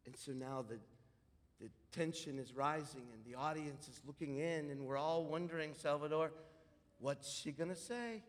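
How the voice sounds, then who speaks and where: A man preaching a sermon, exhorting emphatically and swinging from loud declarations to hushed asides. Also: on the high side, moderate pace. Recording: long hall reverb.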